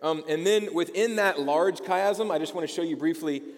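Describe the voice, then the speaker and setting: A man's voice: fairly high pitch, moderate pace. A man preaching a sermon as pastor, emphatic and asking his listeners rhetorical questions, with frequent checks of "okay?". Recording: long hall reverb.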